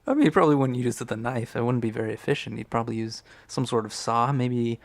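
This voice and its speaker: A man co-hosting a comedy podcast, playing the dry, deadpan straight man in improvised banter. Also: medium pitch, quick pace, gravelly.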